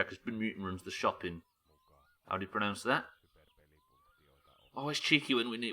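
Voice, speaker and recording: On a live stream, a man with a mid-range, sharp-toned voice chats casually over his gameplay. He swears, cracks jokes, and thinks aloud as he plans each move.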